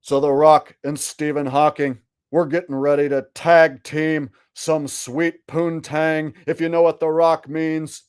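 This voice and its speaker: A man doing an impression of a boastful male wrestler, hyping in a loud, drawn-out voice with a sung catchphrase. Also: a little high, little pitch movement, clean tone, natural voice.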